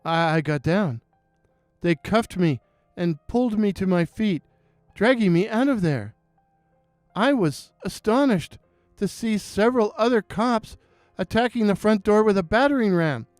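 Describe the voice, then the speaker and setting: A man tells a scripted horror story at a slow, suspenseful pace, close to the mic. His voice is high and smooth. The dry recording carries faint music underneath. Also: expressive, darkish tone, no room sound. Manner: measured, suspenseful.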